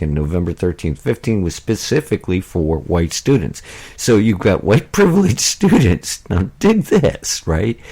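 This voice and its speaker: A man's voice: lowish voice, darkish tone. An American man hosting a political talk radio show, speaking in a rambling, indignant way with many fillers and restarts.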